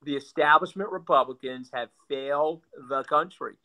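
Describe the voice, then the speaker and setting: A man's voice: on the high side, normal speed, pushed and bright. A male guest talking politics bluntly and sarcastically, often repeating words as he builds a point. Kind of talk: animated political talk.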